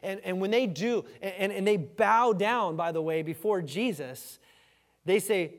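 A male pastor preaching a sermon in an animated, repetitive style, with a fairly high voice. He keeps calling for an amen. His voice echoes through a church with a long reverb tail. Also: a little slow. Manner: animated, repeats words, asks the congregation "amen?". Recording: reverberant hall.

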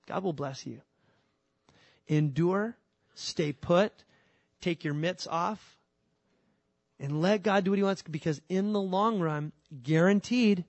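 Man, sermon, pastor, slightly high voice, casual animated preaching, loud and quiet swings, dry close sound. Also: dry recording. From California. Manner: animated, colloquial preaching that swings between loud emphasis and quiet, earnest lines.

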